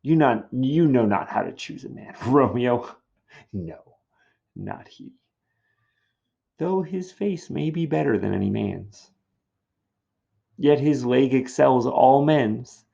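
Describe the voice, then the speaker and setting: A man's voice: medium pitch, lively intonation, slow pace, gravelly, long pauses, mellow, breathy edge, voice pushed up, heavily acted. A man voicing an old woman who complains about her aches and teases, reading verse in a raised, groaning voice. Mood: complaining. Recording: dull lo-fi recording.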